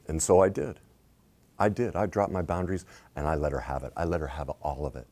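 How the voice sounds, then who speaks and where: A middle-aged man coaching on relationships, swinging between hushed reflection and loud emphatic points. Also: very deep voice, brisk. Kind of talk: animated advice talk.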